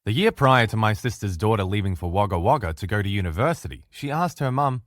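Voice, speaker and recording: In a dry, clean studio recording, a middle-aged Australian man with a lowish, expressive voice teaches a relationship course. He speaks quickly with few pauses, earnestly and emphatically addressing his listeners directly in this recorded lecture.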